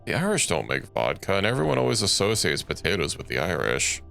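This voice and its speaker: A man's voice: low-pitched, wildly swooping pitch, a little fast, creaky, bright, forceful tone, smooth, faint music behind. A young man streaming a game, thinking aloud in a rambling, casual way and correcting himself as he goes. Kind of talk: casual gameplay commentary.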